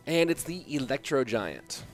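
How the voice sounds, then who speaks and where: A sleepy man in his thirties calls an esports match and chats with his stream viewers, sounding worn out from an early start. His voice sits at an ordinary middle pitch, with faint music playing behind him. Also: very animated, measured pace. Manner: tired, chatty, reads chat aloud. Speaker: esports caster. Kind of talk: casual live-stream commentary.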